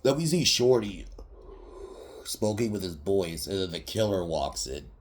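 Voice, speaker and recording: A man's voice: deep voice, sing-song, unhurried, slight background noise. A man casually recapping a comedy movie on a podcast, rambling, swearing and laughing as he goes. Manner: rambling, laughs often, swears, quotes scenes in mocking voices. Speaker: podcast host reviewing a movie.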